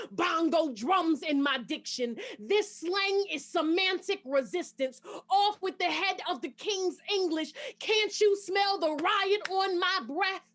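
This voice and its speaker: A woman's voice: very high voice, fairly bright tone. A woman performing a spoken word poem with a rhythmic, emphatic delivery.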